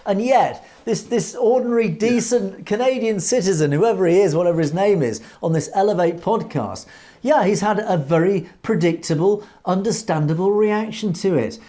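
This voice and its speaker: A man commentating on a video in measured, earnest political commentary, with light hesitations. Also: high voice, expressive, dark tone. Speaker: online news commentator.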